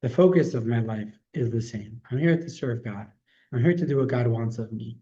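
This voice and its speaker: A man voicing a devout male prisoner in a labor camp, earnest and calm as he reasons. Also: medium pitch, moderate pace, muffled recording, pitched below the performer's own voice, close to an everyday voice. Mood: steadfast.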